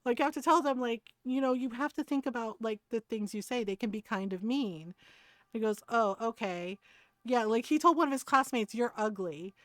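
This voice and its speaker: Woman streamer, high voice, dry close mic, animated anecdote. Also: moderate pace, no room sound. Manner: animated, laughs often, quotes others in lowered voices. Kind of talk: casual storytelling to chat.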